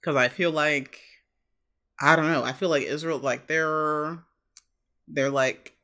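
A woman's voice: deep voice, steady tone, slow pace, fairly bright tone. A woman co-hosting a casual podcast chat, talking hesitantly with lots of fillers and trailing off. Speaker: podcast co-host.

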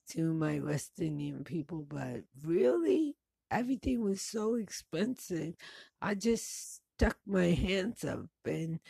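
Gravelly low-voiced woman, slow and blunt. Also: mellow, dry recording. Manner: blunt, profane, laughs between stories. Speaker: vlogger. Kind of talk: casual personal monologue.

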